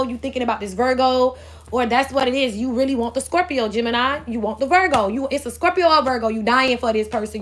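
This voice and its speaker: A woman's voice: a little high, slight background noise. A woman giving a casual astrology reading in a blunt, profane, rambling way, as if channeling spirit messages. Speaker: spiritual reader.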